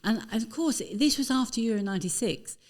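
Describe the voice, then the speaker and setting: A woman guest on a podcast, chatting casually and telling lively, animated stories, with apologetic asides. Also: a little high, fairly quick. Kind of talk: casual anecdotal interview chat.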